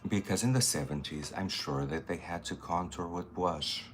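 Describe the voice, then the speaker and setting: Guy with a deep voice doing makeup, slow easy chat, bit of faint room noise. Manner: chatty, thinking aloud while working, greets viewers. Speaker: makeup artist. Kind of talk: casual makeup tutorial chat.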